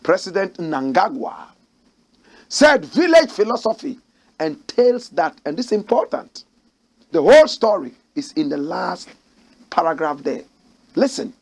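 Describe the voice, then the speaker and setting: Man from Ghana, talk-show host; emphatic political commentary, high husky voice, repeats lines for effect. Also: sing-song, measured pace, darkish tone. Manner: emphatic, exclamatory, repeats key phrases with rising pitch. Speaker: host of a current affairs show. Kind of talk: animated political commentary, reading aloud news quotes.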